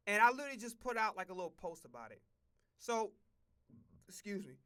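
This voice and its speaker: Profane, excitable man streamer, bright voice. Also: high voice, fairly quick, long pauses, clean tone. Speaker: sports streamer. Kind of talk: casual sports commentary stream.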